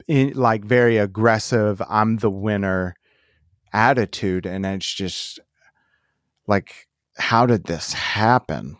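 Guy talking real slow, lowish voice, rambly, dry room. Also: no echo. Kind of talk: casual political chat.

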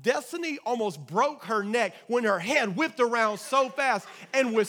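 A man with a notably high voice delivers a church sermon as pastor. He preaches emphatically, circling back to repeat key phrases, and calls out to the congregation for responses. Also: lively intonation, a little slow, few pauses, sharp tone.

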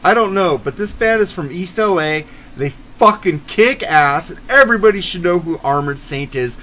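A man hosting a casual podcast, talking in an excitable, gushing way and swearing freely. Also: on the high side, normal speed, few pauses. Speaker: podcast host.

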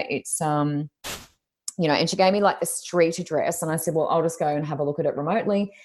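A woman's voice: sits low, darkish tone. An Australian woman, a reader of intuition, chatting casually over a video call and telling a story, acting out the voices of the people in it. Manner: chatty, acts out quoted voices.

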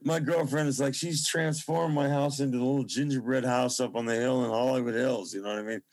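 A man's voice: medium pitch, fairly even intonation, fairly quick, a little mellow. A middle-aged man, a musician guest, talking over a video call in a rambling, effusive and reverent way. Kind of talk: casual interview chat.

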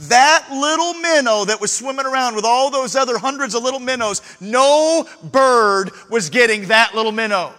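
A male preacher with a remarkably high, bright, cutting voice delivers a sermon in a church. He jumps between ringing shouts and low, hushed near-whispers. A long reverb trails each phrase through the big room. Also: normal speed, few pauses. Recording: long reverb in a large hall.

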